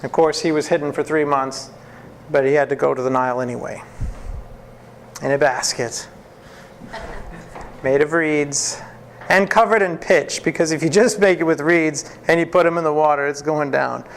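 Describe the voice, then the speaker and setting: A man teaching a classroom Bible lesson, telling the story in a lively way, acting out the quotes and often laughing. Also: fairly high pitch, normal speed, creaky, long pauses, a little hiss or hum.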